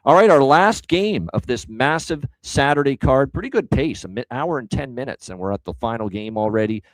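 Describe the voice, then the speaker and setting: A man's voice: medium pitch, animated, a little fast, no room sound, rough recording. A man hosting a sports betting show, talking through his picks in an emphatic, casual way.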